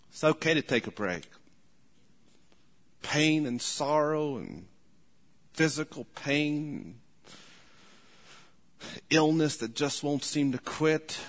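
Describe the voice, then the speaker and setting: A man preaching a sermon, telling folksy stories, repeating his points and chuckling as he speaks. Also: medium pitch. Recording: long hall reverb.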